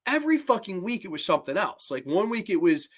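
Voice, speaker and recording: A man hosting a live-streamed horror show, chatting casually, rambling, animated, and swearing freely. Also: high voice, fast talker.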